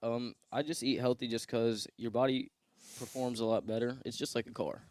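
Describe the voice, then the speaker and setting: A teenage boy from Ohio, a high school wrestler answering interview questions in a plain, modest way. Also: fairly even intonation, moderate pace, a little mellow, slight background noise. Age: teens. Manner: plain, modest, matter-of-fact.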